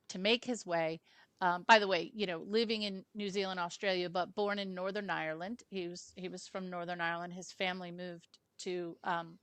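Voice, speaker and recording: A woman chats her way through a film review over a video call, wandering into asides and fillers. Her pitch sits in an ordinary middle range. The sound is dry and close. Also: fairly bright tone, no echo. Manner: chatty, rambling, with many asides and fillers. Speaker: film club host. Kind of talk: casual film review chat.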